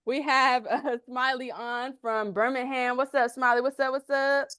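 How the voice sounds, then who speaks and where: A playful, teasing woman hosts a casual podcast chat with a smooth, resonant voice. The sound is dry and close, with no room echo. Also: high voice, little pitch movement, moderate pace, a bit bright. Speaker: podcast host. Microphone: remote call.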